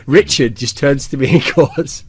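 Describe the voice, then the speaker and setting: Teasing podcast host. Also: male voice, mid-range voice, expressive, a little fast, dry recording. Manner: teasing, joking, lots of laughing asides. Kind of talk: casual podcast chat.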